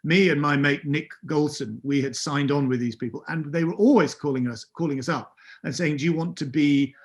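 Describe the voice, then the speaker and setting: A man's voice: fairly high pitch, a little fast. A middle-aged man from England telling anecdotes as an interview guest, hesitant, with many fillers and self-corrections. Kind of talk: casual anecdotal recollection.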